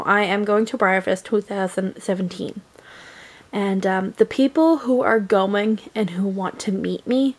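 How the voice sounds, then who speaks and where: A woman vlogger from Canada, unboxing a package at home in a casual, gushing, excitable way. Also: medium pitch.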